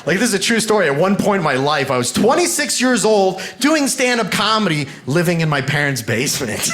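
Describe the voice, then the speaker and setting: Animated self-mocking stand-up comic. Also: male voice, high voice, a little fast. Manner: animated, self-mocking storytelling with bursts of shouted punchlines. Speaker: stand-up comedian. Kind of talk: stand-up comedy set. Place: comedy club stage with a live audience. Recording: noisy live club recording.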